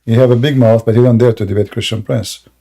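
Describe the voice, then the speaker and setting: A man's voice: mid-range voice, steady tone, quick pace, creaky, warm tone. A man hosting a live broadcast, asking direct, blunt questions in non-native phrasing. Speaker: host of a live debate broadcast.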